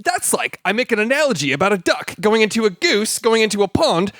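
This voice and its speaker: A man's voice: sits high, sing-song, fairly quick, a bit bright, dry recording, studio quality, pitched above the performer's own voice. A man doing a mocking impression of a male late-night talk host, with a repetitive lecturing cadence.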